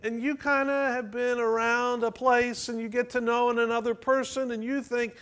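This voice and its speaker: A man's voice: extremely high pitch, flat delivery, normal speed, a bit bright, clear, resonant tone. A man preaching a sermon in a church, talking conversationally and asking the congregation questions. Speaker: pastor.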